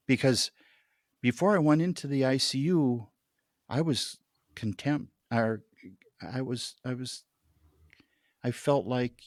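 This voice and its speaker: A man telling a deeply personal story as a podcast guest, earnest and halting, often repeating words as he restarts. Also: lively intonation, no echo, clean studio sound.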